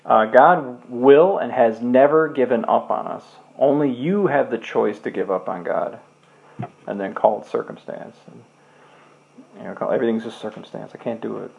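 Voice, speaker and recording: A man's voice: medium pitch, moderate pace, gravelly, highs cut off. A man preaching a casual, earnest sermon, reading scripture and leading a closing prayer. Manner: earnest, loose and conversational, with restarts.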